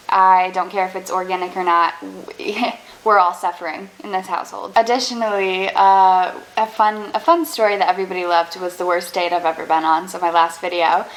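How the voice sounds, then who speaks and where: A woman's voice: on the low side, low-quality recording. Young woman telling self-deprecating stories. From Canada. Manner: fast, animated and self-deprecating storytelling. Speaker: vlogger. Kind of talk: casual storytime.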